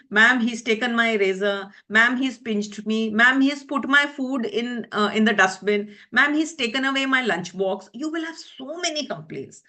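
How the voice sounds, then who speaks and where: A middle-aged woman, earnestly explaining classroom practice in a webinar talk, using lists and rhetorical questions. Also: on the high side. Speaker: teacher trainer presenting a webinar.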